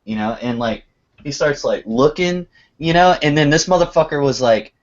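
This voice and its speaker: A man's voice: a little high, lively intonation, normal speed, dull audio. A man in casual livestream chat, telling stories animatedly and swearing freely.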